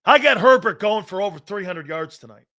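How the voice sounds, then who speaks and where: A man's voice: sits high, lively intonation, fairly quick, pushed and bright. A man hosting a live sports talk show, delivering blunt, profane, mocking opinions and predictions.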